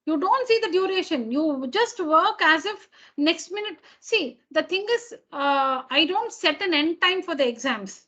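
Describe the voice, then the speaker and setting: High-voiced patient woman teacher on a call. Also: animated, measured pace, bright, forceful tone, highs cut off. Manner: patient, repeats and rephrases points. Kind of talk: online class talk. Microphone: computer mic on a video call.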